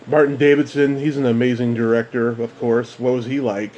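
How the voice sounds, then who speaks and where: Male interviewer, halting casual questions, faint hiss behind. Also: medium pitch, flat delivery, mellow, highs cut off. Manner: hesitant, halting questions with fillers.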